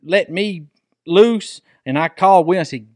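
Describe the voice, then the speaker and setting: A middle-aged man, co-hosting a podcast, easygoing and quick to agree with his partner. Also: sits high, no room sound, clean studio sound. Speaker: podcast co-host. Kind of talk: casual storytelling chat.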